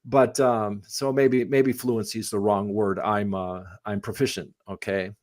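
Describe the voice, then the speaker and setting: A middle-aged man, a missionary pastor whose first language is English, answering questions in a live conversation, rambling with many restarts and growing animated when he tells stories. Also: lowish voice, unhurried, no echo, clean studio sound. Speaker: missionary pastor and Bible translation theologian.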